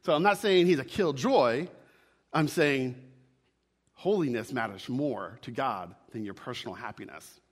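A man's voice: medium pitch, unhurried, in a large hall. A man preaching a sermon, emphatic, repeating his key lines and checking in with "right?". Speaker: pastor.

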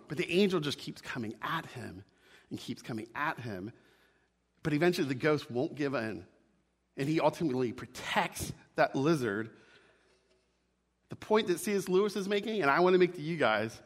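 Preacher guy giving a sermon, really animated, keeps hammering the main point, slightly high voice. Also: moderate pace, big-room sound. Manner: emphatic, repeats key lines, asks "right?". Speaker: pastor.

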